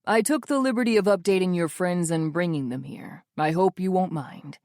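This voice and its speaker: A woman's voice: on the low side, moderate pace, darkish tone, no room sound, clean studio sound, close to an everyday voice. A woman voicing a formal, courteous male bodyguard. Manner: formal, apologetic.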